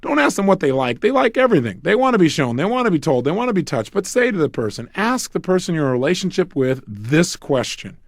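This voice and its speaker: An animated man leads a self-help seminar, his slightly high voice swinging widely up and down as he acts out couples' quarrels. He drops in joking asides, and the sound is close and dry with no room echo. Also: fast, few pauses. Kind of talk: motivational relationship seminar.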